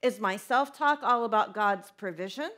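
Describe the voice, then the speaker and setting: A woman's voice: medium pitch, normal speed. A young woman pastor preaching a conversational sermon, asking her listeners questions as she goes. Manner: conversational, animated, asks the congregation questions.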